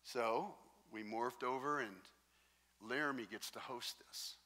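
A man preaching a sermon as pastor, telling stories in a lively, joking way. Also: mid-range voice, measured pace. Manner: animated, jokey storytelling. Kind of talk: sermon with storytelling. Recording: long reverb in a large hall.

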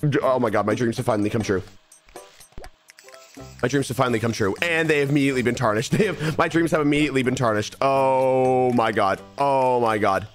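In a mid-range voice at a quick pace, a young man comments on his live game stream. He mocks himself, talks restlessly to himself and repeats phrases under his breath against faint background music.

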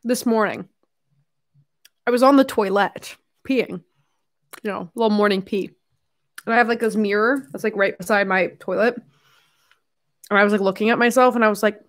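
A woman's voice: medium pitch, normal speed, long pauses. A young woman chatting on her live stream, rambling frankly and swearing, talking while she eats. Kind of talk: casual live-stream chat.

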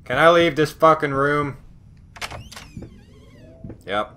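A man's voice: on the high side, takes it slowly, background noise. Snarky, swearing man playing a horror game. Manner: profane, snarky reactions to the game. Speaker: gaming video host. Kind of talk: horror game let's play commentary.

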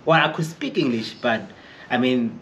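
Male vlogger, mid-pitched, chatty storyteller who mimics others, faint background hiss. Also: normal speed, a bit bright, highs cut off. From Eastern Free State, South Africa. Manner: chatty, rambling, acts out quoted people. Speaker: chef vlogger. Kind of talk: casual storytelling to camera.

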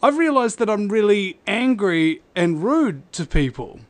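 A man in casual podcast chat, making deadpan puns and pausing on "uh". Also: high-pitched. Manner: deadpan punning, halting with "uh".

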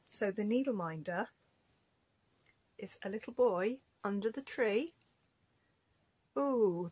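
A woman with a slightly husky voice chats casually to her viewers about her stitching. She rambles in a friendly, self-deprecating way. Her pitch sits in an ordinary middle range. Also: low-quality recording. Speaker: cross-stitch vlogger. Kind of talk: casual chat to camera. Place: at home.

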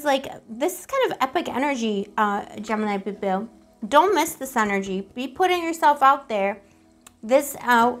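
A woman giving a casual, rambling tarot reading to the camera, playful and affectionate, full of pet names and giggles. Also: on the high side. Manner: giggly, self-teasing. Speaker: tarot reader.

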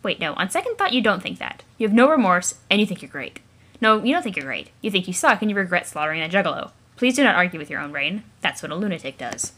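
A woman's voice: on the low side, very animated, fast, a bit bright. A woman hosting a let's play, reading a webcomic aloud in a sarcastic, mocking narrator's voice.

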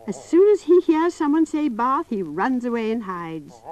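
A woman narrating a story for young children in a gentle, coaxing way, talking straight to them. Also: on the high side, lively intonation, moderate pace, few pauses.

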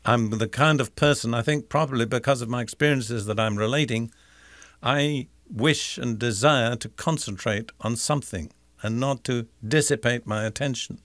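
Older man, Bible teacher, sermon, deliberate, emphatic, dry recording. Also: medium pitch, a bit bright, no room sound. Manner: deliberate, emphatic, repeats key phrases.

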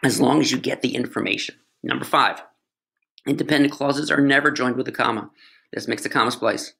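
A man's voice: mid-range voice, brisk, creaky, bright, forceful tone. A man tutoring English, explaining grammar in a casual, playful way with jokes and asides to his students.

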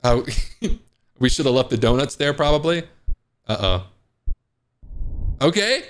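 A man's voice: mid-range voice, expressive, moderate pace, smooth. Joking man commenting on a game. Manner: joking, panicky outbursts. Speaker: gaming video host. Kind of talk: casual let's play commentary.

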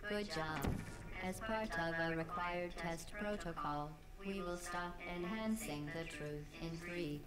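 A sly female AI test overseer, played by a woman, delivers calm, clinical announcements from a video game. Her voice sits a little low, with game music clearly audible behind it. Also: a little slow, lightly acted. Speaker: game character.

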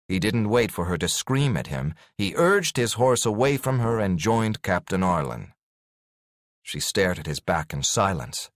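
A man narrating a fantasy audiobook in an expressive storytelling manner. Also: sits low, unhurried, no room sound, clean studio sound. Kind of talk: scripted narration.

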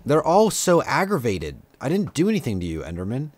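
A man's voice: medium pitch, huge pitch swings, a little fast. A young man giving casual, self-mocking commentary over a video game, chatty and prone to sudden outbursts at enemies. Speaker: gameplay commentator. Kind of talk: casual let's-play commentary.

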